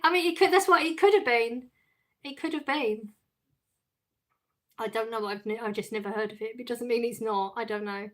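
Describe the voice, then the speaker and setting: A woman's voice: a little high, moderate pace, pauses often. A middle-aged woman hosting a casual live stream, chatting with her viewers, reading out their messages and laughing often. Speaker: livestream host reading chat. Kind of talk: casual chat.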